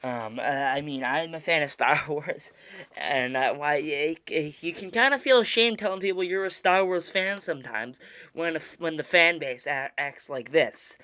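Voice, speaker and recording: A man's voice: fairly high pitch, moderate pace, sharp tone, no room sound. Stammering mock-indignant male podcast host. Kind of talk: casual chat.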